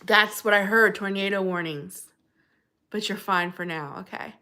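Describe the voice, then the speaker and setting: A woman's voice: medium pitch, unhurried, pushed and bright. A woman hosting a casual livestream, chatting and greeting viewers by name in a bubbly way. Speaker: livestream host.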